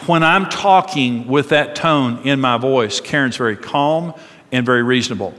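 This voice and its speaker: A middle-aged married man preaching earnestly, dropping soft and low when voicing tender words to a spouse. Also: normal speed. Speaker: pastor. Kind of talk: sermon. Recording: long hall reverb.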